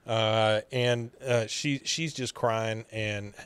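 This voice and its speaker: A man's voice: on the low side, steady tone, takes it slowly, smooth, dry recording. A man co-hosting a podcast, recapping an episode in casual chat and acting out quoted lines with playful voices. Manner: reads out quotes with playful voices and frequent laughs. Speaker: podcast co-host.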